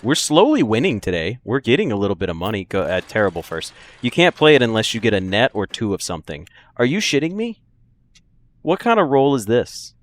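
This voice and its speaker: A man's voice: medium pitch, sing-song, brisk. A young man casually commenting on his game for a live stream, joking, laughing and answering chat. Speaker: gaming streamer. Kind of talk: casual let's-play commentary.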